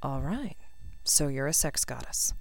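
A woman's voice: rumbling low, lively intonation, unhurried, gravelly, no room sound, voice pushed down, heavily acted. A woman voicing a haughty teenage wizard boy in a storybook reading, speaking in a curt, clipped way. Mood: dry.

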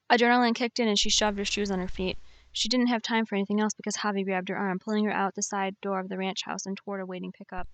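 A woman's voice: mid-range voice, no echo. Woman narrating an audiobook, dry and close. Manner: measured, expressive reading.

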